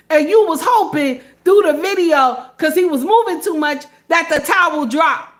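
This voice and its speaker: A woman hosting a reaction video, talking casually and animatedly, repeating herself and tagging "okay" onto her lines. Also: sits high. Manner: animated, repeats phrases, says okay constantly.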